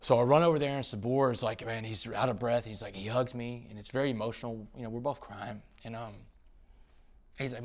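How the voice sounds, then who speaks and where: A man's voice: medium pitch, brisk. A man from Texas, a podcast guest telling a dramatic story in an interview. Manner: dramatic storytelling, rising to excited bursts.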